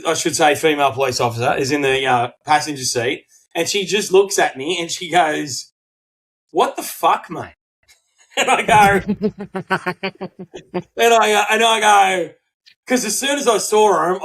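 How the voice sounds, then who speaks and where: A middle-aged Australian man co-hosting a podcast, telling a story in casual chat, swearing freely and acting out quotes in animated bursts. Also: a little high, measured pace, poor audio. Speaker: podcast co-host.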